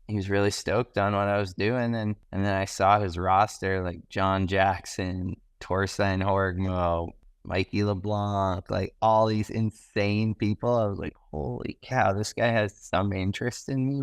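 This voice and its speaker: Excited young man telling stories. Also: on the low side, measured pace, smooth, no room sound. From Canada. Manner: enthusiastic, animated, slangy, acts out quotes. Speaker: podcast guest, pro snowboarder. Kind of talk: casual podcast storytelling.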